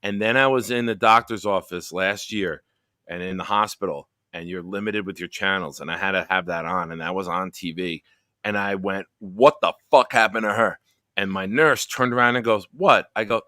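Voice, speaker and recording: A man hosting a casual sports chat livestream with a bright, forceful voice that stays smooth and crisp. He tells animated stories and swears freely. The sound is dry, with no room echo. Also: low voice, normal speed. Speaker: livestream show host.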